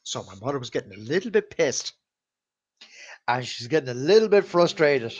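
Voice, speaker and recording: A man's voice: mid-range voice, big pitch swings, normal speed. A man hosting a live stream, telling stories casually, swearing freely and laughing at his own tales in front of a camera. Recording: slightly dull lo-fi sound.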